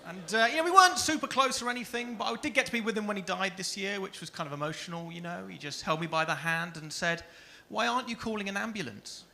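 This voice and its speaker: Dry-witted young British comic, bright voice. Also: male voice, sits high, quick pace, gravelly, few pauses, a little hiss or hum. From Stoke-on-Trent area, England. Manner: deadpan, dry one-liners. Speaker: stand-up comedian. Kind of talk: stand-up routine. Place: comedy club stage.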